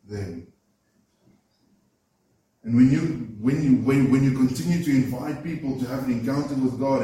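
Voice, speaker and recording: Man, preacher, sermon, earnest, emphatic, mellow voice, echoey room, distant mic. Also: medium pitch, a little hiss or hum. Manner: earnest, emphatic, repeats words when building a point. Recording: roomy echo, voice from far off the mic.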